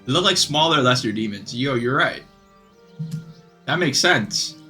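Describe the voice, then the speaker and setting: An excitable young man talking his way through a game, chatty and swearing. His voice is bright and forceful, and faint music plays under it. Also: mid-range voice, measured pace. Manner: excitable and chatty, swears and says bro a lot. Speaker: gaming video creator. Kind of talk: casual gameplay commentary.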